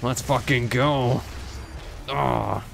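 A man's voice: mid-range voice, very slow, gravelly, music in the background. A young man streaming his first playthrough of a shooter game, jumpy and swearing, talking back to the enemies and mocking himself. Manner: jumpy, swears a lot, yelps when startled; self-mocking, talks to the enemies. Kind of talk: casual gameplay commentary.

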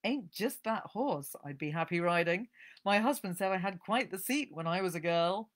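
A woman's voice: on the low side, expressive, normal speed, pitched above the performer's own voice, natural voice. A woman putting on a giddy, bawdy old mountain woman. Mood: swooning, bawdy.

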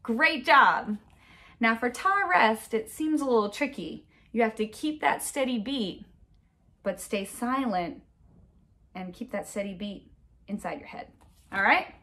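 An encouraging woman music teacher leading children through a lesson at home. Her voice sits a little high, and she speaks slowly and clearly. She chants rhythm syllables to a steady beat.

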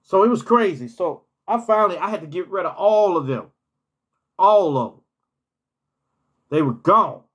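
A man's voice: high-pitched, expressive, normal speed, long pauses, fairly bright tone, husky. A man telling personal stories in a casual storytime vlog, rambling and often repeating words and restarting his phrases.

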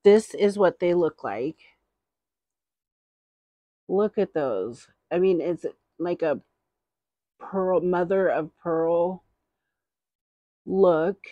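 A woman's voice: on the low side, extremely slow, long pauses, no echo, highs cut off. A middle-aged woman vlogger in casual, rambling haul chat, giggling often.

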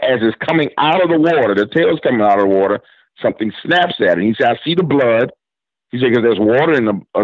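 A man with a New Orleans accent and a voice on the low side, spinning a yarn as a radio guest. He acts out the back-and-forth of a conversation in laid-back, slangy speech. The sound is dry and dull, like lo-fi radio audio. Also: no echo. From New Orleans, Louisiana. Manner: retells story with quoted back-and-forth dialogue, drawling casual slang. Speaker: guest storyteller. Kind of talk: casual storytelling interview.

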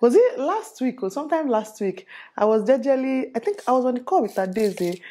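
A woman's voice: on the high side, animated, a little fast, dark tone. A Nigerian woman in her thirties, a beauty vlogger chatting casually and laughing often as she styles a wig and tells a story. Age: 30s. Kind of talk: casual chat while styling a wig.

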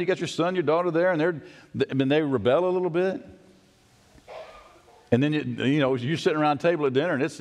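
A man preaching a sermon as pastor, conversational and animated, asking the congregation rhetorical questions. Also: fairly high pitch. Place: church sanctuary. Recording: long hall reverb.

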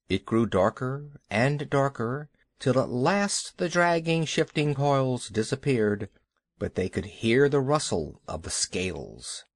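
A man reading a children's audiobook as narrator, unhurried and expressive. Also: mid-range voice, dry recording, clean studio sound. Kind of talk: scripted storybook narration.

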